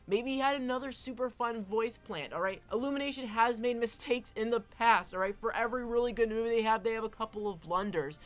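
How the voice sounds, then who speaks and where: A woman's voice: on the high side, expressive, a little fast, hardly any pauses. A woman giving casual opinion commentary as an online film commentator, emphatic and often tagging her points with "all right?".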